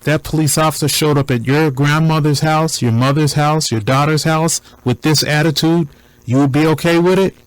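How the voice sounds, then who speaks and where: A man commenting on a recording in a deliberate, preacher-like cadence, repeating points for emphasis. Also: fairly high pitch, steady tone, no echo, rough recording.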